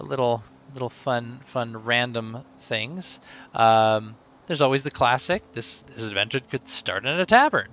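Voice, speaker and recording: A man hosting a live stream as game master, rambling and joking at himself, with sudden loud greetings to viewers. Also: medium pitch.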